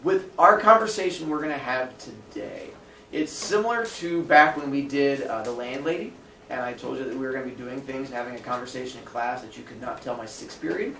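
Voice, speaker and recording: A man's voice: medium pitch, brisk, a bit bright. Male teacher, wry and teasing, recorded from across a noisy, echoing classroom. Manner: joking, teasing with students. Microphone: distant recorder in the room. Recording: distant, echoey classroom with noise.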